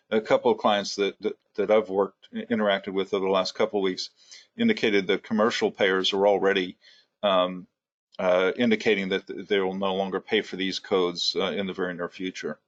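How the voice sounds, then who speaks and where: A man hosting a healthcare webinar, talking conversationally with plenty of fillers and a dry sense of humor. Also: fairly low pitch. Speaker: webinar host, healthcare consultant. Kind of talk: webinar discussion. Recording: dull, muffled audio.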